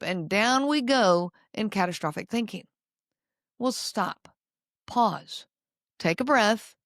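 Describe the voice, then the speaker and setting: Calm, explanatory woman podcast host. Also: on the high side, dry recording, clean studio sound. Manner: calm, explanatory, often checks in with "okay?". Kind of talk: advice podcast monologue.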